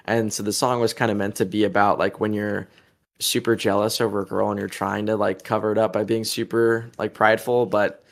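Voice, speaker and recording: Young guy, low, vocal fry, loose and sweary interview talk. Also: little pitch movement, fairly quick. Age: young adult. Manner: laid-back, profane, laughs often. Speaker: musician being interviewed. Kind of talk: casual interview.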